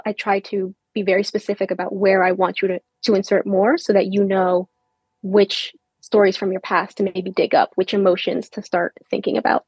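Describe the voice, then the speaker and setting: A woman's voice: medium pitch, level tone, moderate pace, a little mellow, slightly rough, no room sound. A woman book editor chatting on a podcast, explaining her editing process step by step. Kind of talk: casual podcast chat.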